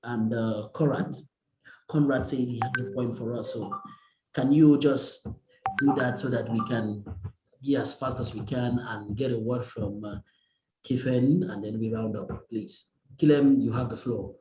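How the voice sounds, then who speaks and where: A man with a Cameroonian English accent hosting an online poetry event, who speaks slowly and carefully, with pauses and fillers. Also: medium pitch, fairly even intonation, reverberant, noisy background. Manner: slow and measured, with thoughtful pauses and fillers. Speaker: event host.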